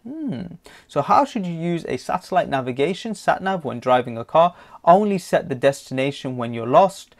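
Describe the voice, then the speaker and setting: A man's voice: on the high side, sing-song, moderate pace. A man teaching an online driving theory lesson, reading questions aloud in a chatty, jokey way with lots of fillers.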